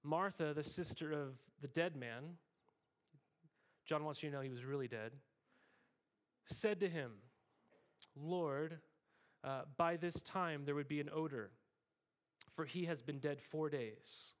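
Delivering a sermon, a male pastor mixes easygoing banter with earnest, forceful preaching, often tossing in a quick "okay?" aside. He speaks to the congregation conversationally and animatedly, in a voice pitched higher than the typical man's.

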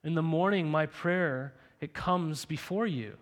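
A man's voice: on the high side, measured pace. A young man preaching a sermon to his congregation in a conversational way, full of rhetorical questions and "right?". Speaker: pastor.

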